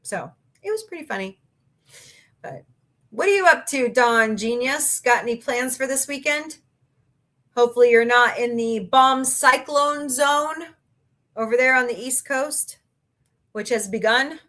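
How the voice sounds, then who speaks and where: A woman's voice: a little high, a little slow, fairly bright tone. A woman hosting a casual livestream, reading out viewer comments and chatting with sarcastic jokes and laughs. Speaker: livestream host.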